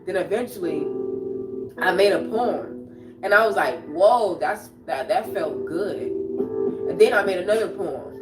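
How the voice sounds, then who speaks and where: Woman, livestream host, raw and confrontational, repeats herself, distant mic, clear music behind. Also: fairly low pitch, animated, measured pace, long pauses, roomy sound. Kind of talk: emotional livestream monologue.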